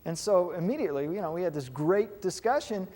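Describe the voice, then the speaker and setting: A man's voice: sits high, animated, fairly quick, dark tone. A man giving a classroom lecture on hypnotherapy, talking conversationally and checking in with his students with questions.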